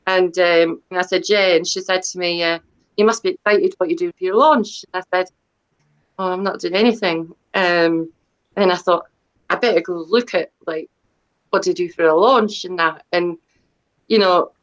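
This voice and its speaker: A woman's voice: on the low side, moderate pace, muffled recording. A middle-aged woman, a debut author chatting as an interview guest, talking in a rambling, self-deprecating way with many fillers and restarts. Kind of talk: casual interview chat.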